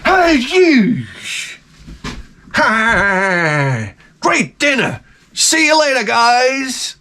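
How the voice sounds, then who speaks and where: Man doing a loud New York shark on vacation, pitched way up, brash. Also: huge pitch swings, drawn-out words, heavily acted. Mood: cocky.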